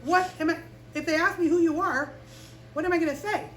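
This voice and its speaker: Woman playing an anxious man, stammers and backs away, voice pushed high, heard from a distance. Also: brisk, reverberant, a little hiss or hum. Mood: nervous, pleading. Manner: stutters and protests in a rush. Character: nervous stammering man reluctant to obey.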